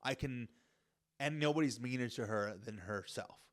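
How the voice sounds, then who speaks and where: A man's voice: medium pitch, normal speed. A man co-hosting a podcast in a casual chat, easygoing and agreeable, laughing often. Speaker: podcast co-host.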